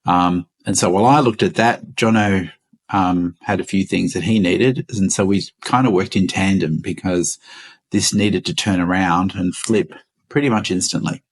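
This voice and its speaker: A man with an Australian accent, co-hosting a podcast and explaining things in an unhurried way, with frequent ums and restarts. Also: low-pitched, husky. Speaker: podcast co-host. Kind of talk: casual podcast chat.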